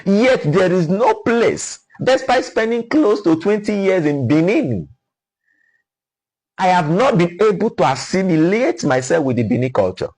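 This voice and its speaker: In this explanatory conversation, a middle-aged Nigerian man from Ukwuani, Delta, lectures as a guest and enunciates example words with a Nigerian accent. His high voice is expressive, a little slow, darkish, and breathy, on a low-quality recording.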